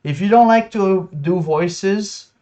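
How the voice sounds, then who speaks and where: A man's voice: high-pitched, takes it slowly, dark tone. A man hosting a casual livestream chat about running tabletop games, chatty and self-conscious, often laughing. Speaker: host, game master.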